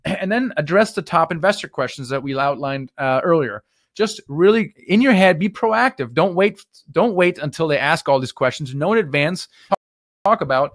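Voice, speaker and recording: Brief: energetic male investing coach, slightly high voice, dry close sound, gives direct do-and-don't advice live. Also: no echo. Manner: acts out sample conversations in shifted voices. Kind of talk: live-stream teaching.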